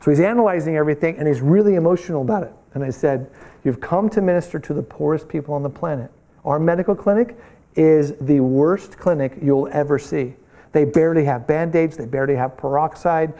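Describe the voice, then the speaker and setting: A man teaching a missions class, telling animated stories and acting out the voices of the people in them. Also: a little high, fairly quick. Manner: animated storytelling, acts out voices in quotes.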